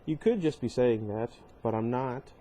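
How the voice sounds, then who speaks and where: A man's voice: mid-range voice, moderate pace, dark tone, natural voice. A man reading aloud and voicing an angry, stubborn teenage girl who hisses and snaps her lines. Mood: bitter. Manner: hissing, furious, clipped.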